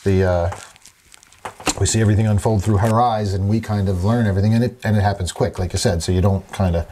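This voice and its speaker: A man's voice: on the low side, fairly even intonation, fast talker, dark tone. A man co-hosting a horror podcast in casual chat, rambling with many fillers and crude jokes. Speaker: podcast co-host.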